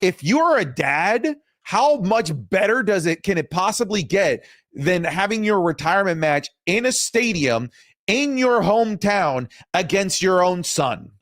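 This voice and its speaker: A man co-hosting a casual wrestling chat, making confident, animated predictions and mocking impressions, swearing freely. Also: high-pitched, unhurried, dry recording, studio quality. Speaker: co-host and wrestling commentator.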